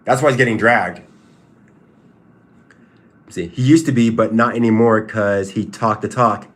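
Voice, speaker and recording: A man's voice: lowish voice, measured pace, a bit bright. A man hosting a casual livestream who answers chat questions in a repetitive, stop-start, emphatic way. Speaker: livestream host and fighter.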